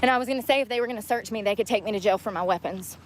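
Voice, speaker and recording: A woman's voice: mid-range voice, very fast, a little hiss or hum. A woman livestreaming outdoors on a street, ranting angrily and swearing, worn out and sore from walking. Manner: profane, combative, ranting. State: weary and in pain from walking. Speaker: homeless livestreamer. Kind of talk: angry livestream rant.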